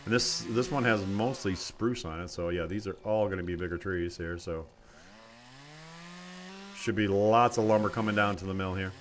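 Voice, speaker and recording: A laid-back man with a somewhat low voice talks through a live stream of a logging game. He rambles and thinks aloud, chatting to his viewers between tasks. Faint chainsaw noise runs underneath his voice. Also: normal speed. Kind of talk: casual live-stream commentary.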